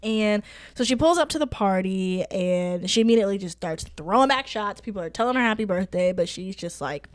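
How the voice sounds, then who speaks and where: A woman co-hosting a casual book-club podcast, recapping chapters in an animated, storytelling way. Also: mid-range voice, fairly quick, few pauses, clear, resonant tone. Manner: animated, storytelling recap with laughter and acted quotes. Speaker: podcast co-host.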